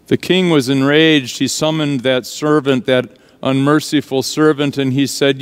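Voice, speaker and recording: Man, pastor, sermon, slow deliberate delivery, smooth resonant voice, long church reverb. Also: medium pitch, steady tone. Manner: earnest, dramatic preaching with slow emphatic stresses. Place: church sanctuary.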